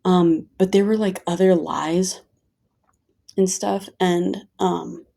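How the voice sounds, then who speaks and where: A woman's voice: lowish voice, fairly even intonation, slow pace, vocal fry, dark tone. A woman talking casually and earnestly to camera in a personal vlog, rambling with lots of "like". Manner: earnest, rambling, heavy use of "like". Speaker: vlogger.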